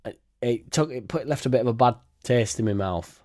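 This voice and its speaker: A man's voice: mid-range voice, expressive, brisk, a little mellow. A young man hosting a casual fan livestream, laughing often, swearing freely and rambling as he reacts and thanks viewers. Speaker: fan channel host.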